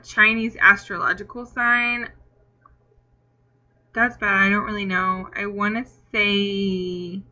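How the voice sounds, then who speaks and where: A woman's voice: mid-range voice, sharp tone, lo-fi sound. A young woman vlogger answering tag questions in a chatty, rambling way with lots of fillers, hiccuping now and then. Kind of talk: casual Q&A tag video.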